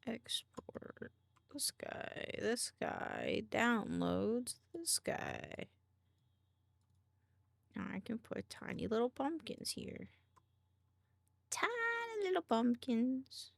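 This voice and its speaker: A woman's voice: a little high, wildly swooping pitch, drawn-out words, vocal fry, dry recording. A woman streamer chatting casually while she draws, murmuring half to herself and making little sound effects.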